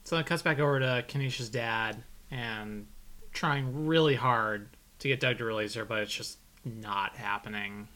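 Bright-voiced man summarizing plot. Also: mid-range voice, moderate pace. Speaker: podcast co-host. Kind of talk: casual TV recap chat.

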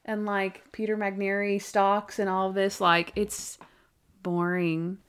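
A woman's voice: medium pitch, level tone, slow pace, smooth. Chatty young woman co-hosting a podcast. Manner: chatty, frequent "like" fillers, laughs at own jokes. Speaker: podcast co-host. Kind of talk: casual chat.

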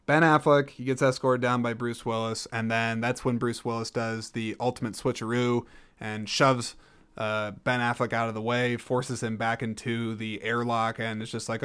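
A man hosts his own podcast and gives a casual solo film review, joking easily, rambling off track, and correcting himself. His smooth, clean voice sits at an ordinary middle pitch, a bit bright, with a flat delivery and a moderate pace.

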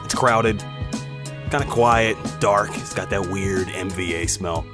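A man, a radio host, telling a personal story in an animated, conversational, emphatic way. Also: sits low, measured pace, music in the background.

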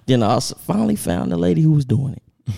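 A man co-hosting a podcast, telling stories in casual chat, laughing often and jumping into high voices for quotes. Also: fast talker, creaky. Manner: animated, laughing storyteller who jumps into high voices for quotes. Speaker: podcast co-host.

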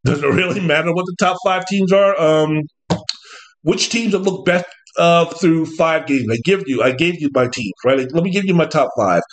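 A man hosting a casual sports talk show, rambling and animated, slipping now and then into mocking impressions of coaches. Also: on the high side, moderate pace. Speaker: podcast host.

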